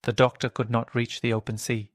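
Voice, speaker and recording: A man narrating a children's story clearly and steadily for English learners. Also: mid-range voice, level tone, brisk. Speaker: audiobook narrator.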